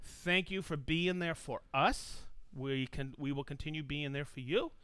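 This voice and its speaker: A man's voice: fairly high pitch, unhurried, a bit bright, clear, resonant tone, no echo. A man hosting a live stream, reading out viewers' hometowns with upbeat enthusiasm and frequent laughs. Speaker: livestream host.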